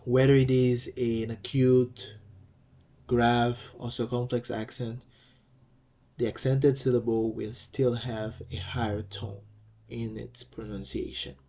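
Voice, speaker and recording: A man teaching an online language lesson. He often restarts and repeats words, and he says example words loudly twice. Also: medium pitch, level tone. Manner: halting, restarts and repeats words while explaining.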